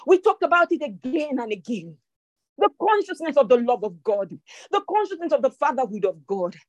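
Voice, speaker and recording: A woman preacher delivering an impassioned sermon, repeating lines for emphasis and dropping into low, slow prayer. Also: big pitch swings, dry recording, dull audio. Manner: speaks in tongues during prayer.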